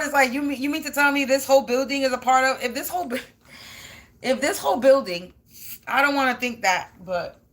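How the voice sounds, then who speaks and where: A tarot card reader speaks in a fairly high, slightly bright voice, addressing her viewers directly. She rambles loosely, and her talk is blunt and slangy, peppered with casual swearing.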